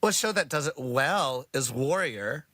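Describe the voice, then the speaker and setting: A man co-hosting a casual podcast, chatty and quick to laugh while airing complaints. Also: mid-range voice, expressive, bright, forceful tone, no echo. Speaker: podcast co-host.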